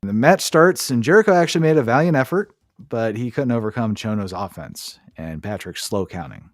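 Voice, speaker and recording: A man's voice: mid-range voice, animated, fairly quick, dry recording, studio quality, faint music behind. A man co-hosting a podcast, giving a sarcastic, profane play-by-play recap in casual chat. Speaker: podcast co-host.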